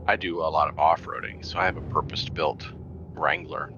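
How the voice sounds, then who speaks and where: A man with a very deep, gravelly and bright-edged voice tells chatty stories over a dull, lo-fi voice chat. Faint noise runs under his voice. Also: fairly even intonation, brisk. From Indiana. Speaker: guest player. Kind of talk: casual gaming chat.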